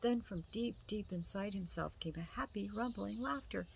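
A woman reading a children's picture book aloud, gentle and unhurried. Her voice carries a gravelly edge, and a faint hum of noise sits behind her. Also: medium pitch. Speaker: storybook reader.

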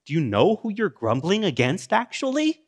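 Preaching at a normal speed, this middle-aged pastor reads from scripture and drops into ordinary, conversational side comments. His pitch swings widely as he moves from loud outbursts to low, hushed remarks.

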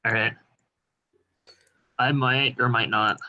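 A man's voice: mid-range voice, steady tone, takes it slowly, sharp tone, rough recording. A man hosting a live stream, chatting casually with a dry, teasing manner.

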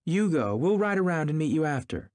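A man voicing a lively, restless rich young woman who cries out in a high voice. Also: normal speed, dry recording, lightly acted.

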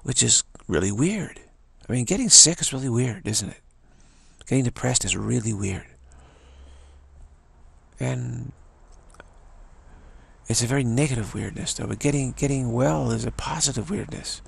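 A man's voice: mid-range voice, animated, normal speed, creaky, long pauses, husky, no room sound. An older man musing to camera in a rambling monologue, stammering, repeating himself and asking "isn't it?". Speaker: vlogger.

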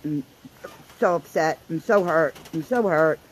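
A vlogger mocking a sulky online personality who dwells on being hurt. The delivery is slow and mopey, and the complaints come back again and again. There is a faint hiss of noise behind the voice. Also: medium pitch, close to an everyday voice, rough recording. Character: wounded online personality, mannerisms mimicked.

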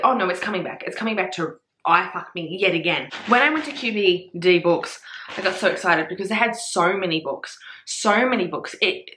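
A woman's voice: on the low side, reverberant, slight background noise. A young woman, bubbly and sweary, chatting casually through a book haul vlog. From Australia. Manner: bubbly, sweary, excitable with gasps and squeals. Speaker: book vlogger.

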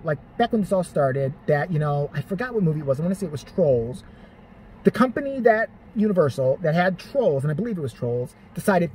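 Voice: mid-range voice, very animated, fairly quick, darkish tone, slight background noise. A vlogger ranting in profane, sarcastic, exasperated commentary.

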